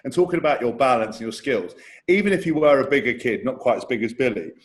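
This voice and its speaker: A man's voice: medium pitch, expressive, fast talker. A man co-hosting a podcast in casual chat, asking teasing, playful questions. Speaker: podcast co-host.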